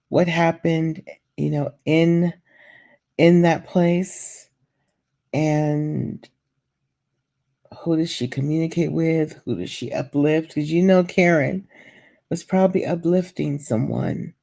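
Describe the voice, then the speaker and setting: A woman talks into her camera at home late at night, gossiping in a casual vlog. Her voice sits low and mellow, and she takes her time, drawling through fillers and calling her viewers "child" and "baby". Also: gravelly. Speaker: vlogger.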